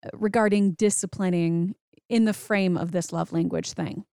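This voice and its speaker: Chatty lady host, eager, tells stories fast, dry close mic. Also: on the low side, steady tone, warm tone, dry recording. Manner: chatty, enthusiastic storytelling. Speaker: podcast host. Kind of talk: interview, casual chat.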